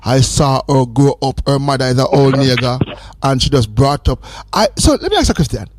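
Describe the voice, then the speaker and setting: A man's voice: medium pitch, sing-song, fairly quick, a little mellow, no room sound. A man hosting a radio call-in show, joking and teasing his caller in a playful, sing-song way. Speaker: radio host. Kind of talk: casual call-in chat.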